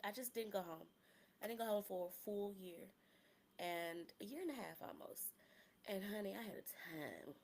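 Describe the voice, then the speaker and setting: A woman's voice: mid-range voice, vocal fry, slight background noise. A woman in her thirties hosting a personal podcast, talking candidly and emotionally, close to tears at times, with casual slangy humor. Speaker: podcast host.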